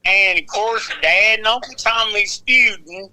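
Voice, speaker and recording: A man in his forties, rambling through old wrestling stories with plenty of swearing and laughter. His voice sits high and very bright. The delivery is loose and conversational. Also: unhurried, poor audio. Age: 40s. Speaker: wrestling podcast co-host. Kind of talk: casual storytelling chat.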